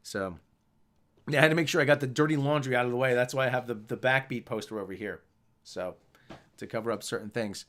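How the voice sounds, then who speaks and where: A man's voice: mid-range voice, fast talker, fairly bright tone. A man hosting a casual live stream, rambling and answering the chat.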